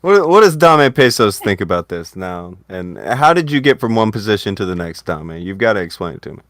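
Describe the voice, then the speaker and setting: A man with a low voice hosts a casual livestream, talking in a wry, needling way and swearing offhand. The sound is dry and close, with no room around it. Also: big pitch swings, fairly quick, a bit bright, dry recording. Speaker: stream host.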